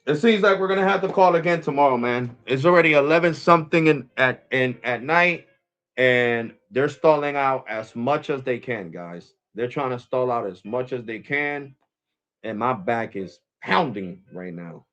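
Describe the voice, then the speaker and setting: A man's voice: medium pitch, animated, moderate pace, fairly bright tone, poor audio. An American man live streaming as host, talking casually and with exasperation, repeating himself as he rambles. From United States.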